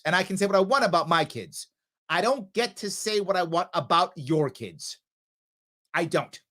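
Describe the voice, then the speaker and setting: A man's voice: on the high side, fairly bright tone. A man hosting a live political commentary show, reacting with indignant sarcasm to a clip and reading viewer comments. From New York. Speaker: livestream political show host.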